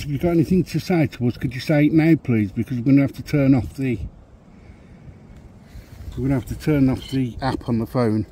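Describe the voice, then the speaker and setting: A man with a Birmingham accent, a paranormal investigator calling out to spirits at night by a railway track, asking slow and polite questions. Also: medium pitch, warm tone, a little hiss or hum. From Birmingham, England. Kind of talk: calling out to spirits on a ghost hunt.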